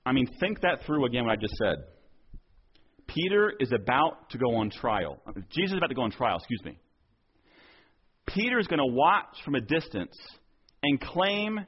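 A male pastor preaching a sermon earnestly, acting out quoted dialogue and dropping softer on key points. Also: a little high, big pitch swings, normal speed, husky, lo-fi sound.

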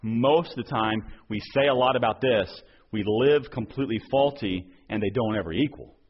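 A man's voice: medium pitch, moderate pace, breathy edge, muffled recording. A man preaching a sermon as pastor, earnest, often repeating and restarting words as he presses his point.

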